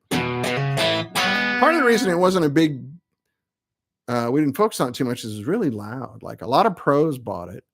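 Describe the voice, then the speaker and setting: Rambling, chatty man on a live stream. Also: on the high side. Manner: rambling, self-mocking, chatty. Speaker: amp builder hosting a live web show. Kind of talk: casual live-stream chat.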